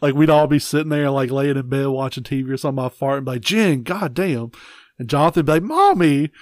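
A man's voice: medium pitch, flat delivery, racing, darkish tone, no room sound, clean studio sound. A man, co-hosting a podcast and telling crude stories with lots of swearing and laughter. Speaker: podcast co-host. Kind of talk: casual chat.

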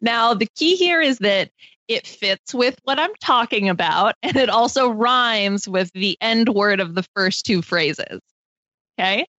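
A woman's voice: medium pitch, animated, a little slow, fairly bright tone, no echo. A woman hosts a casual podcast and runs a word game. She laughs often and keeps a playful tone. Her voice sits in a dry, slightly muffled recording. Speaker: podcast host running a game.

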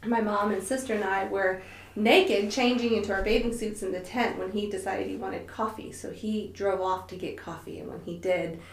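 A woman in her fifties, hosting a podcast, chatting casually with her husband and telling animated stories with frequent laughter. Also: mid-range voice, normal speed. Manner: animated storyteller, laughs often. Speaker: podcast host. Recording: echoey room.

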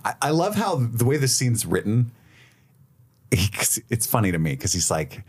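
A man co-hosting a casual podcast, recapping episodes in an animated way and acting out characters' lines. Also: medium pitch, normal speed, slightly rough. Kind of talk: casual chat.

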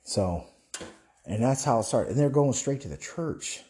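A man's voice: mid-range voice, animated, unhurried, dark tone. A young man delivering an impassioned, preachy monologue as a Christian online commentator, rambling, restarting and asking rhetorical questions.

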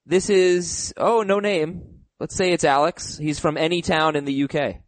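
Upbeat higher-voiced podcast host man. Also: fairly even intonation, a little slow, no echo. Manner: upbeat, reads listener emails aloud. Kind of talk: casual sports podcast chat.

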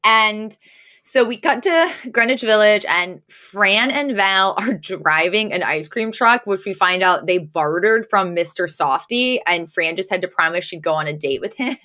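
A woman's voice: medium pitch, a little slow, pushed and bright. A woman co-hosting a podcast, chatting casually and laughing often as she teases her co-host. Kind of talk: casual chat recapping an episode.

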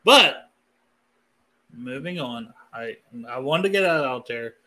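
Very bright-voiced male podcast host. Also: mid-range voice, lively intonation. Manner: candid, swearing, quick to laugh. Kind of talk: casual chat.

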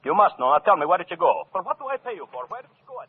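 An actor playing a jealous, paranoid orchestra conductor who broods aloud and barks at others. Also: male voice, high voice, sing-song, racing, breathy edge, full character voice. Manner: suspicious inner monologue, brooding then barking. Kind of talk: 1940s radio acting. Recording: tinny old radio broadcast.

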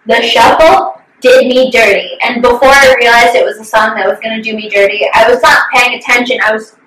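Picked up from a distance in a roomy space, a young woman in her twenties talks casually, sharing an emotional story openly and cursing without restraint. Her voice is on the high side and a bit bright, with a steady tone and a slightly fast pace.

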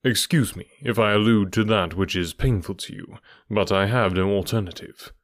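A shrewd, cool detective from a storybook reading, played by a man. He speaks in a bland, smooth, measured way, and the voice is dry and close, with no room sound. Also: lowish voice, dry recording, natural voice. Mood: blandly probing. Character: cool, shrewd male detective, middle-aged.

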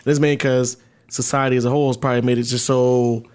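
Casting note: male podcast co-host, mid-pitched, easygoing, profane banter. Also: fast. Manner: relaxed, profane, laughs along. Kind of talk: casual chat.

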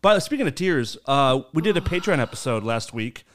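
A man's voice: mid-range voice, big pitch swings, a little fast, a bit bright. A man hosting a podcast, teasing his co-host with crude jokes and bursts of laughter. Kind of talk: casual chat.

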